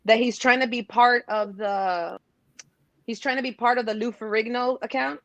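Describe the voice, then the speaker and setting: A woman talking casually on a podcast, animated, acting out movie quotes in put-on voices. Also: on the high side, normal speed, a loud crowd. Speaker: guest co-host.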